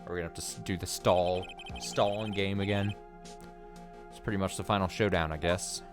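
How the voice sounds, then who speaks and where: A man hosting a let's play, reading game text aloud with wry, deadpan asides, over game music. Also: on the low side, fairly quick.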